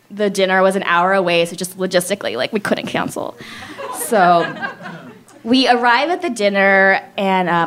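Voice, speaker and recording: A young adult woman telling a personal story to an audience, chatty and full of "like", acting out quoted lines with big jumps in pitch.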